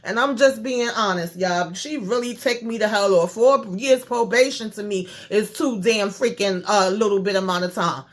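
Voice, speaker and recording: A woman's voice: medium pitch, moderate pace, hardly any pauses. A woman recapping a reality show for her channel in a blunt, exasperated, profane rant, talking straight to her viewers. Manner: addresses viewers directly. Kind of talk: casual review and recap rant.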